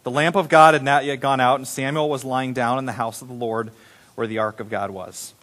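A man's voice: medium pitch, steady tone, a little fast, fairly bright tone. A male pastor giving a sermon in a conversational, playful storytelling manner.

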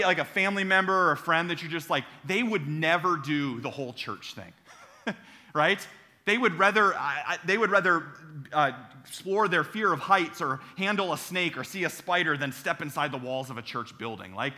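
A man's voice: a little high, bright, forceful tone. A young adult man preaching a sermon in a church, talking conversationally and telling funny stories, calling out to the audience. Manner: conversational, humorous storytelling with audience call-outs. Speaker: pastor. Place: church sanctuary.

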